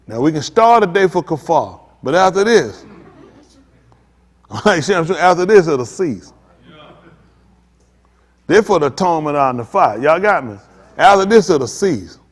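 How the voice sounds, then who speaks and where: A man preaches with fervent, repetitive insistence, hammering home his lines in loose everyday speech. His voice sits fairly high for a man. The sound hangs in a long, echoing hall. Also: very animated, moderate pace, long pauses. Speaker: pastor. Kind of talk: sermon.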